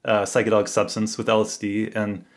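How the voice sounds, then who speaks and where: A man's voice: lowish voice, completely flat delivery. Enthusiastic male podcast host. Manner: enthusiastic, quick to react with exclamations. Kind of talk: conversational interview.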